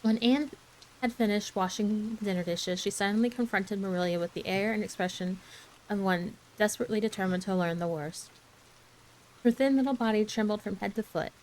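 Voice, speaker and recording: A woman reads a classic novel aloud as a soft ASMR bedtime story. Her narration is gentle and soft-spoken. Her pitch sits in a woman's middle range. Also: fairly quick, rough recording.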